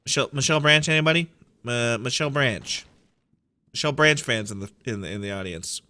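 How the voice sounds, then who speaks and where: A man's voice: medium pitch, brisk, pushed and bright. A man streaming a game, giving rambling, playful, self-deprecating commentary. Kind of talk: casual gameplay commentary.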